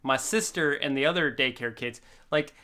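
A laid-back man chatting on a podcast with a bright, sharp-edged voice. He talks loosely and swears freely. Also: medium pitch, normal speed. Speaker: podcast co-host. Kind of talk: casual chat.

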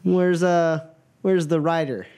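A man's voice: fairly high pitch, fairly even intonation, slow, dark tone, clean tone, voice pushed up. A man doing a drawling knife-wielding outlaw. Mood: mock-friendly. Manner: folksy drawl, mock-friendly, threatening.

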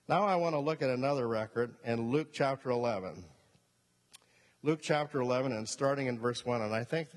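A male pastor preaching a sermon, emphatic, repeating key points and asking the congregation questions. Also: medium pitch. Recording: long reverb of a hall.

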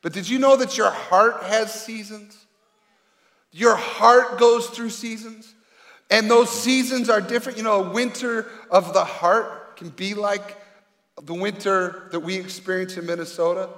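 A man's voice: high-pitched, fairly even intonation, a little slow, fairly bright tone. A man preaching a sermon as a pastor, speaking earnestly and conversationally with rhetorical questions to the congregation. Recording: reverberant hall.

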